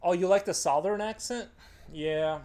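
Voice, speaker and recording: Drawing live for his stream, a standard-accented American man talks casually, jokes around, wanders off topic and reads the chat aloud. His voice sits high and has a darkish tone, delivered at a moderate speed.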